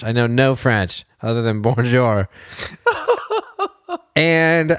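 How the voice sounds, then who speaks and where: A man's voice: medium pitch, unhurried, clean tone, dry recording, clean studio sound. An American man in his thirties telling a story in casual chat, swearing and laughing often. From United States. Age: 30s. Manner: profane, laughing, animated storytelling.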